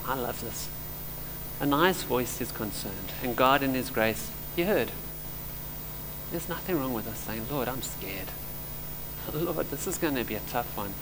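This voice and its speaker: A middle-aged preacher with a high, lifted voice delivers a sermon. He swings from loud emphasis to quiet, intimate moments, and his voice rings through a reverberant hall. A faint hum sits behind him. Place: church hall.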